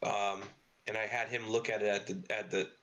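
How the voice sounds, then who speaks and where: Middle-aged man telling rough, swearing stories. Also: on the low side, flat delivery, normal speed, fairly bright tone, a little hiss or hum. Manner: swears freely, rambling anecdotes with lots of fillers. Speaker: podcast guest, car parts business owner. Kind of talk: casual storytelling interview.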